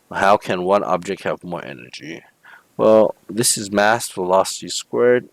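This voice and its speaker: Speaking in a low, gravelly voice, a male physics teacher leads a homework walkthrough lesson, breaking problems into steps and often checking in with "okay?" and "right?". There's no echo on the recording.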